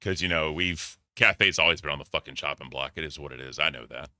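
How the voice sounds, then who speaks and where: A man's voice: a bass voice, a little fast, bright, forceful tone, dry recording. A man hosting a casual podcast chat, joking and swearing freely. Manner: profane, joking. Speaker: podcast host.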